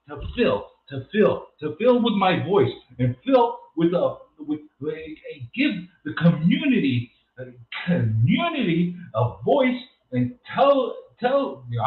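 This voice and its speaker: A man hosting an unscripted livestream, rambling and ranting and repeating himself as he goes. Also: fairly high pitch. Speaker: livestream host. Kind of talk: unscripted live-stream monologue. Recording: tinny echoey phone-like sound.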